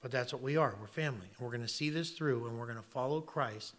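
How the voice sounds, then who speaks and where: Bright-voiced, emphatic male pastor preaching. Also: medium pitch, fast. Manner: emphatic, swinging from loud exclamations to quiet earnest tones. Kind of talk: sermon.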